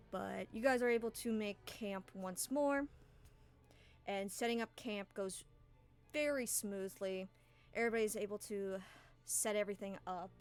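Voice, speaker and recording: A woman running a tabletop role-playing game, narrating the scene in a loose, chatty way. She talks at a middle pitch with plenty of fillers, and faint music plays behind her. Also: measured pace, pauses often, darkish tone, clear, resonant tone. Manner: casual, rambling, with fillers and laughs. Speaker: game master.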